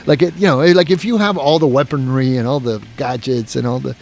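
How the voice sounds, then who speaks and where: A man's voice: medium pitch, fairly even intonation, fairly quick, vocal fry, slight background noise. A man telling a long story in a casual podcast chat, rambling, swearing and restarting his sentences. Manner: rambling, profane, full of "you know" and restarts.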